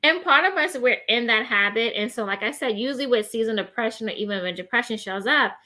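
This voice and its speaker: Speaking fast in a slightly high voice, this host gives practical advice to people with depression during a casual mental health chat. Animated and quick to laugh, she often ends points with "right?".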